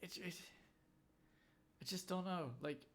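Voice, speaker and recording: A man's voice: sits high, fairly even intonation, measured pace. A man co-hosting a casual podcast chat, rambling and wry, often trailing off mid-thought. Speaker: podcast co-host.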